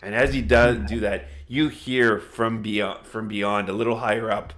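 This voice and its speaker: A man narrating a tabletop game as game master, chatty, laughing easily and slowing down for dramatic moments. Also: lowish voice, steady tone, a bit bright.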